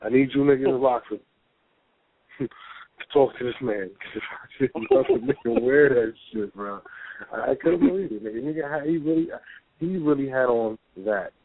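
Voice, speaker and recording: A man's voice: mid-range voice, normal speed, no room sound. A man co-hosting a casual call-in talk show, laid-back and profane, laughing often. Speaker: co-host. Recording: tinny phone line.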